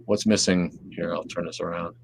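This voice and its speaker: Very deep-voiced profane livestream host. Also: male voice, level tone, normal speed, a little hiss or hum. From Southeast Wisconsin. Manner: profane, rambling, trails off into mumbles. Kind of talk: casual livestream chat reading viewer comments.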